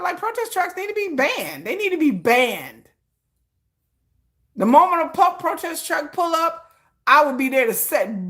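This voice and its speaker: Brash, high, bright-voiced woman ranting. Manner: animated and brash, acts out her own comebacks with big pitch jumps, curses freely. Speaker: content creator hosting a live stream. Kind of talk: casual ranting chat to viewers.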